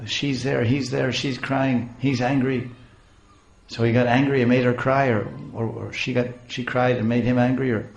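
A man's voice: mid-range voice, gravelly. A man telling a scripture story in a lecture, chanting verses and chuckling as he explains, recorded in an echoey room. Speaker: speaker on scripture. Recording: roomy echo.

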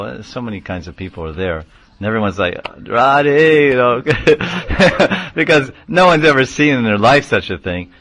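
Man teaching scripture, lowish voice. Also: no room sound. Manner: explains terms, chants verses, shouts out names. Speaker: spiritual teacher. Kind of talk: scripture class.

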